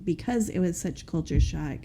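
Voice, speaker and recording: A woman's voice: lowish voice, expressive, normal speed, dark tone, slight background noise. A woman guest in an interview, telling her personal story in an earnest, rambling way with many fillers.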